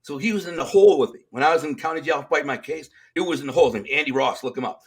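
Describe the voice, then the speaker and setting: A middle-aged man with a Detroit accent, a guest in an interview, telling stories in a streetwise, animated way and acting out the lines of people he quotes. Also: on the high side, racing. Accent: Detroit, Michigan. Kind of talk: storytelling in casual interview.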